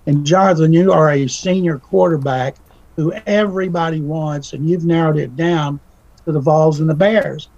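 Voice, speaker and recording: Speaking as a guest commentator in casual radio talk, a man spins folksy stories and acts out the quoted voices in them. His pitch is fairly high and his tone creaky and a little mellow, with fairly even intonation at a moderate pace. The audio is dull and has no room sound.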